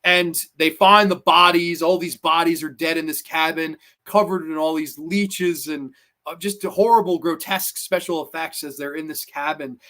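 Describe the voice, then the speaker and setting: A man's voice: a little high, steady tone, normal speed, bright, forceful tone. A man hosting a livestream horror movie review, rambling enthusiastically and reading chat messages. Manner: enthusiastic, rambling fan talk.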